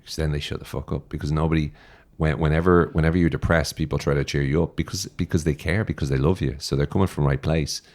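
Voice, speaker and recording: A man's voice: rumbling low, fairly even intonation, quick pace, darkish tone. An Irish man talking as a podcast guest, blunt and direct, swearing freely as he gives advice. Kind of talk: casual interview talk.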